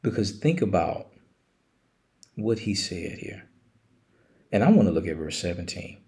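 Gravelly low-voiced man reading scripture. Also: sing-song, darkish tone. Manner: reads scripture slowly, then explains. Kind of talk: Bible study discussion.

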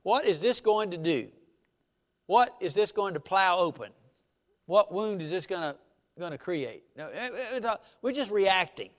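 Male pastor, sermon, folksy rhetorical questions, high voice, swinging pitch. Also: sing-song, normal speed.

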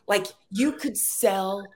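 A middle-aged American woman from Texas, a playwright and screenwriter telling stories as a guest in casual chat, animated and quick to laugh. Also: mid-range voice. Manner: animated storyteller, laughs often.

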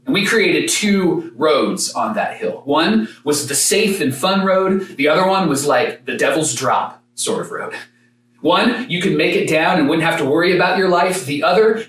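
A man's voice: on the high side, lively intonation, far from the mic. Man preaching in an echoey room. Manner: dramatic storytelling with pauses, rising to shouts. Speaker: pastor. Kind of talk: sermon.

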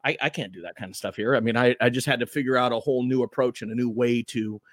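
A man's voice: medium pitch, fast, no echo, clean studio sound. A man who hosts morning radio, chatting loosely and rambling as he tells stories on a podcast. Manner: loose, rambling, animated storytelling. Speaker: morning radio host, guest. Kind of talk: casual podcast chat.

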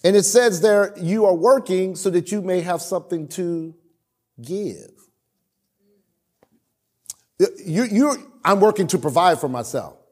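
A man's voice: high voice, measured pace, long pauses. A man preaching a sermon and telling stories from his marriage, acting out his own lines and calling on the congregation to answer. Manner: animated storytelling with acted-out quotes; calls for responses from the congregation. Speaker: pastor.

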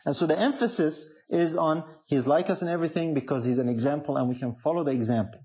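A man's voice: a little high, quick pace, dark tone. A man preaching a sermon, emphatic, often asking the congregation questions.

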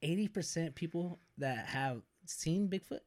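A man's voice: a little high, animated, unhurried, a little mellow. A young man co-hosting a casual podcast chat, easygoing and agreeable, laughing along. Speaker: podcast co-host.

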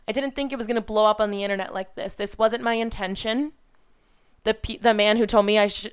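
A woman's voice: mid-range voice, fairly bright tone, smooth. A young woman in her twenties ranting to camera in an unscripted vlog, blunt and defiant, swearing often. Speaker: vlogger.

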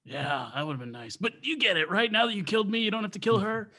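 A woman voicing the halting ghost of a man who was an aging film actor, improvising comedy. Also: mid-range voice, pushed and bright, slightly rough, pitched below the performer's own voice. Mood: sheepish. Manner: halting, repeats words.

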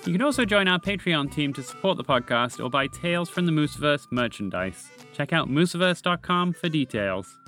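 A man narrating a children's storybook tale as the podcast host, in a gentle, measured reading voice. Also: a little high.

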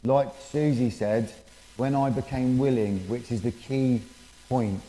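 Man, mid-pitched and mellow, candid church testimony, long hall reverb. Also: fairly even intonation, a little hiss or hum. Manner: candid, halting, many fillers. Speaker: speaker giving a testimony.

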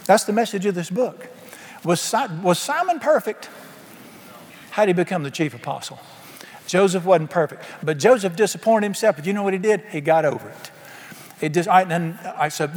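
A man's voice: high-pitched, lively intonation, fairly quick, husky. A man preaching a sermon emphatically, asking his congregation questions. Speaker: pastor. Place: church sanctuary. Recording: long hall reverb.

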